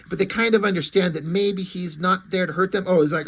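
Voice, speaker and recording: A man's voice: high-pitched, animated, brisk, few pauses, fairly bright tone, breathy edge. A man casually walking through a comic book, chatty and swearing freely.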